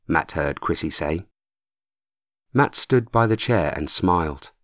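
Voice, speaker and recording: A man with a lowish voice tells the story in a measured way, his pitch moving a great deal. The recording is close and dry, from a studio mic. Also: expressive, fairly bright tone, dry recording. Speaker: audiobook narrator. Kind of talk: scripted narration.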